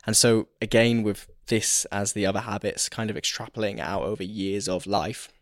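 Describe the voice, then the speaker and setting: A man hosting a solo podcast, talking in a reflective, candid, rambling way while hoarse and losing his voice. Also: lowish voice, steady tone, brisk, dry recording, studio quality. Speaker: podcast host.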